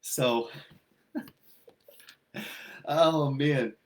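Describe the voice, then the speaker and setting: Male pastor, easygoing conversational sermon delivery, mid-pitched voice. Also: very slow. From Ireland. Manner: relaxed, conversational storytelling with frequent ums. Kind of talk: livestreamed sermon.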